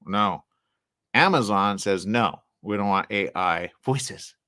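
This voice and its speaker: Man, radio host, low voice, rambling solo talk, sudden high quoted voices, dry close mic. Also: slow, dry recording. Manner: animated, jumps into high-pitched quoted voices, trails off into mumbling.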